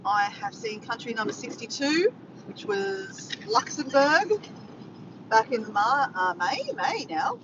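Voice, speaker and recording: A woman's voice: on the high side, big pitch swings, normal speed, hardly any pauses. A tired Australian woman chatting casually from her car to live viewers, rambling, greeting them by name and correcting herself. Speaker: vlogger livestreaming to viewers. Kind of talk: casual chat to a live audience. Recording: dull lo-fi with faint background noise.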